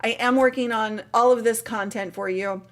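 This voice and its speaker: A woman's voice: fairly high pitch, fairly even intonation, moderate pace. Tired, chatty woman hosting a livestream. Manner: chatty and upbeat, laughs often, trails off with fillers. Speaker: livestream host. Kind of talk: casual live Q&A stream.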